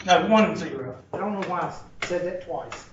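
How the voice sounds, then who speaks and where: A man's voice: high voice, animated, moderate pace, noisy background. A man teaching a math class in a classroom, blunt and joking, wandering off into stories. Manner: joking, digressive, blunt storyteller. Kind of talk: classroom lecture. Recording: roomy, distant, dull lo-fi room recording.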